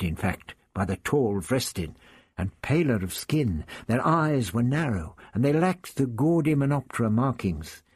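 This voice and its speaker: A man reading an adventure story aloud as narrator, steady and measured. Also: medium pitch, slightly rough, dry recording. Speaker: audiobook narrator. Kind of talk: scripted narration.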